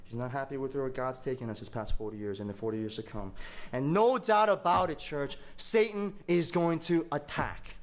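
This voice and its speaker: Conversational young pastor preaching. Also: male voice, mid-range voice, moderate pace. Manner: conversational storytelling, repeats words when fired up. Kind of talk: sermon.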